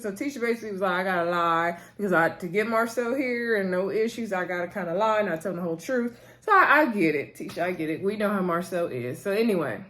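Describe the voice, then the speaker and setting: Chatty woman recapping a reality show. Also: medium pitch. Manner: chatty, retells scenes in quoted back-and-forth; sassy asides addressing cast as "girl". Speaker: TV recap vlogger. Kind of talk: casual recap chat.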